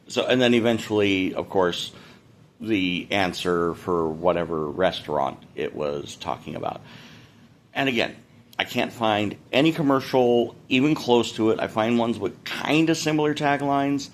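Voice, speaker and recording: A man's voice: on the low side, a little slow, slight background noise. A man in his fifties talking casually to his followers in a rambling, self-deprecating way. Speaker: content creator. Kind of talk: casual direct-to-camera vlog.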